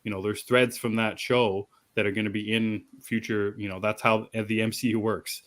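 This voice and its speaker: A man's voice: on the low side, flat delivery, moderate pace, fairly bright tone. A man co-hosting a casual geek podcast, talking in a rambling way with many restarts. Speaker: podcast co-host. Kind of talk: casual chat.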